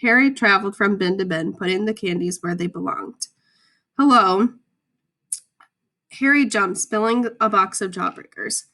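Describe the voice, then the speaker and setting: A woman reading a short story aloud in a clear, expressive way. Her voice sits at an ordinary pitch with a bright, forward tone. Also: a little fast, few pauses.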